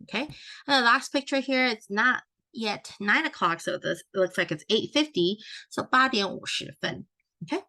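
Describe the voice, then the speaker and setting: A woman's voice: on the high side, animated, moderate pace, bright, forceful tone. A woman teaching a recorded Chinese grammar lesson, explaining step by step in a friendly way and correcting her own slips aloud.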